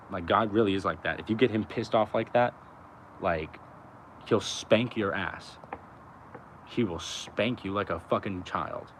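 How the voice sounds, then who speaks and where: A young man with a lowish voice talks in a loose, rambling way, swearing freely and leaning on fillers. He is outdoors by a road, with faint traffic noise behind him. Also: a little slow. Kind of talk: casual rambling chat.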